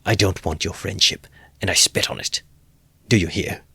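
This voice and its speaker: Man reading as a defiant young student, shouting, accusing, dry close sound. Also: low voice, normal speed, creaky, slightly rough, no echo, exaggerated voice. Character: furious young male student, defiant and feverish.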